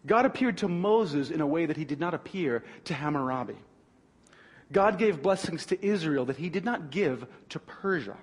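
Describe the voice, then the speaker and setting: A man preaching in a high, husky voice that leaps up and down. He drives his points home with emphatic restarts and repetition. The sound rings with the long reverb of a big hall. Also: expressive, normal speed. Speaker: pastor. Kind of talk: sermon.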